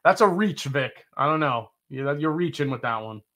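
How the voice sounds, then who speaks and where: Bright, joking whiskey show host man. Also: mid-range voice, animated, normal speed. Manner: jokey and profane, reading chat comments aloud. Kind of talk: live-stream whiskey tasting chat.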